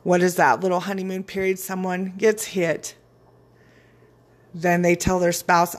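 A woman's voice: fairly low pitch, flat delivery, normal speed. A woman giving a frank, casual motivational talk. She swears freely and laughs often. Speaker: speaker on personal boundaries.

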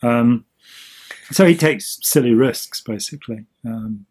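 A man's voice: medium pitch, takes it slowly, darkish tone, slight background noise. A man co-hosting a podcast, explaining in a rambling casual chat full of ums and restarts. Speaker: podcast co-host.

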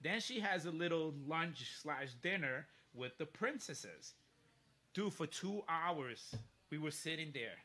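A man telling a story in casual chat, animated and profane, often laughing mid-sentence. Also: a little high, a little slow. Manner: animated, profane, laughs through his stories.

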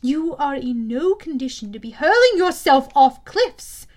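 Woman narrator as a cool, commanding girl goddess, slow and measured, high voice. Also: big pitch swings. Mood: stern calm. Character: stern, calm young goddess of the hunt, girl.

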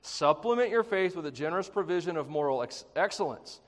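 A pastor with a fairly high voice gives a brisk, lively sermon in a conversational style, slipping into playful acted-out quotes and jokes. A long reverb tail trails his words, as though he's filling a large hall.

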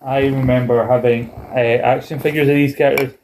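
A man chats through an old wrestling broadcast with a co-host. His talk is loose and rambling, with swearing and jokey asides, and his pitch sits at an ordinary middle height. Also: level tone, brisk, darkish tone, a little hiss or hum. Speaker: podcast co-host. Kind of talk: casual chat recapping wrestling.

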